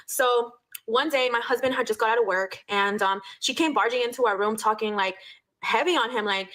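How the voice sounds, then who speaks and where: A woman's voice: a little high, expressive, quick pace, a bit bright. A young woman telling a casual storytime, blunt and profane, dropping Spanish phrases into her speech.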